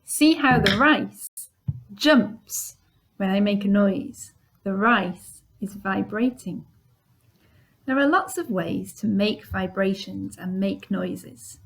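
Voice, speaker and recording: A woman teacher talking slowly and clearly to young children, showing them different sounds in a lesson. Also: mid-range voice. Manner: demonstrates sounds, bilingual repetition.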